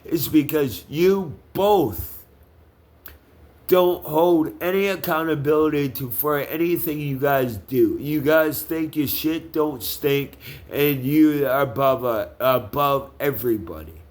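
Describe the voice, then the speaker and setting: A man talking slowly and deliberately in a heated personal monologue. His speech is profane and confrontational, full of halting restarts as he calls someone out. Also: a little high, darkish tone.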